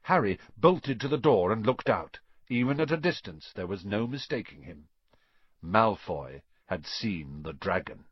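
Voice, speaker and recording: Husky guy reading a kids book aloud, lively, dry dull sound. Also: lowish voice, a little slow, dry recording. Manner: expressive, voices each character. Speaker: narrator. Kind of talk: storybook reading.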